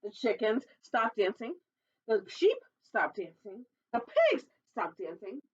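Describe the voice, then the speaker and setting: A woman's voice: wildly swooping pitch, takes it slowly, slightly rough, lo-fi sound. Playful woman reading a storybook aloud. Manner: playful, chatty asides to young listeners; does squeaky animal calls while reading. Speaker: children's librarian.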